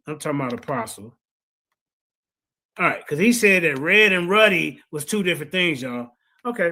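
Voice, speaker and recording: Combative bright-voiced male streamer. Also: on the high side. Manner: combative, repeats phrases while reading out sources. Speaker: streamer host. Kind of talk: livestream debate rebuttal.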